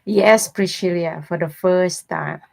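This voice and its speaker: A woman chats on her own live stream in an unhurried way, as if talking over tea with viewers. Her voice sits a little low, and her English is loose and broken as she rambles through stories and greets people by name. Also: gravelly, darkish tone. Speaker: tarot reader host.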